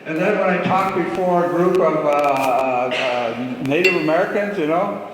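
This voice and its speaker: A man's voice: fairly high pitch, moderate pace. A man from Alaska giving a reflective storytelling talk to a gathering, with playful asides. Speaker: speaker at a gathering. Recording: echoey hall, long reverb, faint hum.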